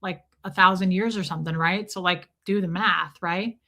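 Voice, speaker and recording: This young livestream host tells a loose, jokey story in casual streaming chat, with plenty of swearing. Her voice is fairly low, steady, bright and forceful, moving at a moderate pace.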